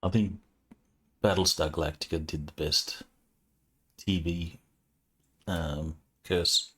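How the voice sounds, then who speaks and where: A man serving as game master, narrating a tabletop game in a relaxed, conversational way with frequent fillers. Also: low-pitched, slow pace, slightly rough.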